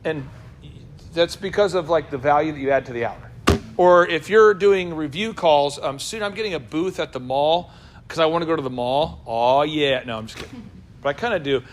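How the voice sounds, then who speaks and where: A man with a high, lively voice hosts a business talk, tossing jokes and questions at the people around him. His delivery is animated, full of quick asides. A faint hiss sits under the recording. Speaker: business coach and show host. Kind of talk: lively talk to a live room.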